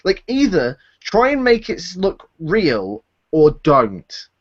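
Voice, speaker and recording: A man's voice: high voice, wildly swooping pitch, slow pace, dry recording. A man, co-hosting a casual live chat and ranting sarcastically about wrestling. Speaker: podcast co-host. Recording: dull lo-fi stream audio.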